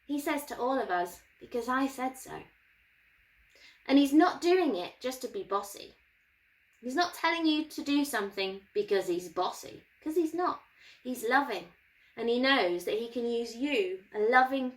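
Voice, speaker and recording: A woman's voice: a little high, fairly bright tone, low-quality recording. A woman presenting a children's Bible lesson for her church, with a playful, encouraging way of talking.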